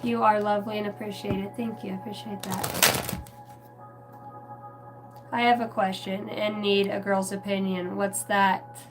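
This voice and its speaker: A woman reading tarot cards on a live stream in a chatty, casual way, greeting viewers by name and clearing her throat now and then. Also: mid-range voice, little pitch movement, measured pace, pauses often. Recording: distant mic with music playing behind.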